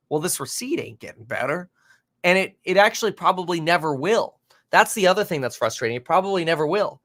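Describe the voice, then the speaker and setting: A man hosting a live market stream, reading viewer comments aloud and reacting in an animated, exasperated, rambling way with many fillers. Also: fairly high pitch, moderate pace. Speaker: market livestream host.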